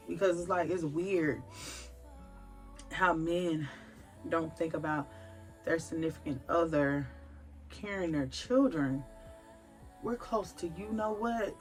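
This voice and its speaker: A woman's voice: sits low, unhurried, pauses often, faint music behind. Emphatic pregnant woman preaching to camera. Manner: emphatic, animated, preachy storytelling. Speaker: vlogger, mother of a large family. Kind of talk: candid faith-filled personal talk to camera.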